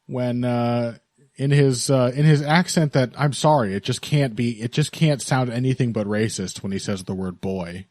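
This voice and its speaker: A man's voice: mid-range voice, normal speed, darkish tone, no room sound, studio quality. A man co-hosting a combat sports podcast in casual chat, wry and laughing often, with plenty of fillers. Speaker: podcast co-host.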